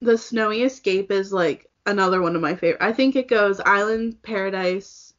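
A woman's voice: mid-range voice, moderate pace. A young woman co-hosting a casual chat, gushing compliments with a giggly manner. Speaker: co-host. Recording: muffled lo-fi audio.

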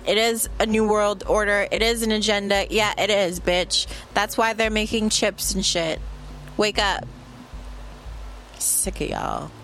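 A woman's voice: mid-range voice, fairly bright tone. A woman hosting her own podcast, ranting in a brash, profane, rambling way, straight to the listener. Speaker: podcast host. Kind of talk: casual solo podcast rant.

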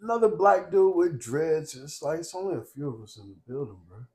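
A young man co-hosts a podcast, telling stories in casual chat with a profane, streetwise style and constantly asking "you know what I'm saying." His fairly high voice is expressive and brisk, and he gets loud and laughs when fired up.

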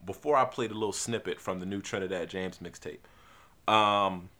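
A man's voice: deep voice, moderate pace, sharp tone. A man from New Jersey hosting a podcast, talking in a casual, rambling, profane monologue full of restarts and fillers. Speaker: podcast host.

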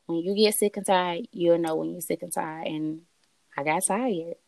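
A woman in her thirties tells a personal story in relaxed conversation, her easy and unhurried. She jumps into the voices of the people she quotes, her pitch leaping up and down. The sound is close and dry. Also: vocal fry, no echo. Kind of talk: casual storytelling chat.

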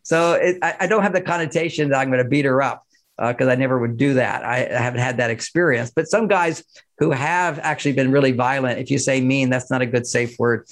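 A man's voice: medium pitch, brisk. A man giving relationship advice as a podcast guest, talking in an emphatic, explanatory way with frequent chuckles. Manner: married, talks of his own marriage. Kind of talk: conversational advice in an interview.

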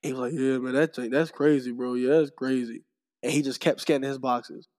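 A young man telling a story in casual chat, acting out the people in it with lively quoted voices. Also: mid-range voice, brisk. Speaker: podcast guest, streamer.

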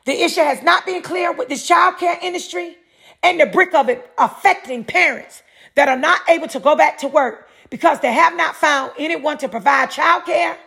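This middle-aged host from North Carolina, USA, lectures on her own podcast, answering her own rhetorical questions again and again. Her voice is high-pitched and fairly bright, with vocal fry, at a moderate pace.

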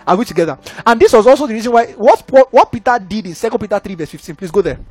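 A young man preaching a sermon in an animated, conversational way, often checking that listeners follow. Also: high-pitched, rapid-fire, breathy edge, faint music behind.

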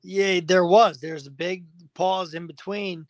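A man's voice: high voice, fairly even intonation, takes it slowly, no echo. A man guest on a podcast interview, agitated and venting, swearing constantly. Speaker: fighter guest.

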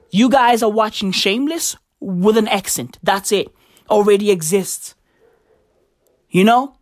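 A young woman delivers a profane, slang-heavy comedic rant to camera, mock-outraged throughout. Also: mid-range voice. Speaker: vlogger.

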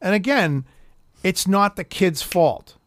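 A man's voice: sits high, expressive, slow, a bit bright, dry recording, studio quality. A middle-aged man telling a story in casual chat, profane, rambling and heated.

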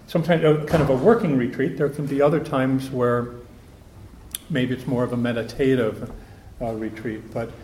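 Priest talking in an echoey room. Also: male voice, medium pitch. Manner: relaxed, anecdotal, thinking aloud. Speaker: priest giving a conference talk. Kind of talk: conversational retreat talk to a group. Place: meeting room with a group. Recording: echoey room, faint background hum.

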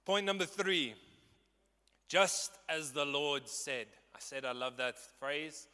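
A man in his twenties delivers a passionate, emphatic sermon in a fairly high, bright voice. He speaks slowly and deliberately, and his words ring out with a long reverb. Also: clear, resonant tone. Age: 20s. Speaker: preacher.

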